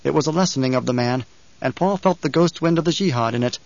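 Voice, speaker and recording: A man narrating an audiobook in a steady, deliberate way. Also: medium pitch, vocal fry, dry recording, highs cut off. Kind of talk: scripted narration.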